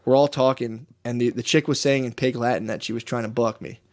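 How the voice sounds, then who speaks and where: A man's voice: mid-range voice, fairly even intonation, brisk, a little mellow. A young man from Texas, a podcast co-host telling a wild story in rambling, profane casual talk and acting out the quotes.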